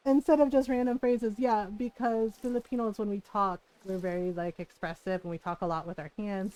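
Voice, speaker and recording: A woman's voice: mid-range voice, dark tone, poor audio. A woman livestreamer chatting casually while gaming, rambling through stories with many fillers and frequent laughter.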